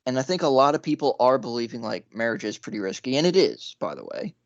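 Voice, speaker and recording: A man's voice: medium pitch, big pitch swings, fast, vocal fry, no room sound. A young man co-hosting a podcast, giving earnest opinions in casual chat and laughing between points. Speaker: podcast co-host. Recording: dry, muffled mic.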